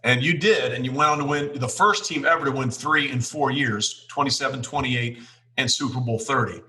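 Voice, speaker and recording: Bright upbeat male podcast host. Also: medium pitch, moderate pace, low-quality recording. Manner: upbeat, scripted toasting intro. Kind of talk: interview hosting.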